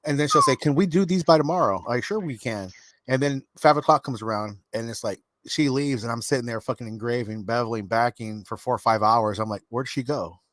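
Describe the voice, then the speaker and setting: Easygoing, mid-pitched man chatting. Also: fairly quick, no room sound. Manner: relaxed, supportive, frequent short agreements. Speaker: guest and former business owner. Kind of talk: casual chat.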